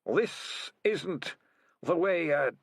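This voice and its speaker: A man voicing a dying old male rat leader, speaking faintly, breathily and slowly. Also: a little high, lively intonation, creaky, slightly rough, no echo, studio quality, pitched above the performer's own voice, heavily acted. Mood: weak, fading.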